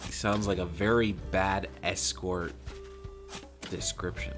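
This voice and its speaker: A man's voice: deep voice, steady tone, takes it slowly, over music. A man chatting casually while playing a game, rambling with self-mocking jokes and asides. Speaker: gaming streamer.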